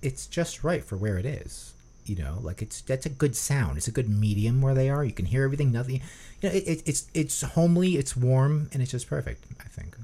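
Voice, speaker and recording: A man co-hosting a music review, jokey and animated in casual chat. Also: medium pitch. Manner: jokey, animated, fast-talking.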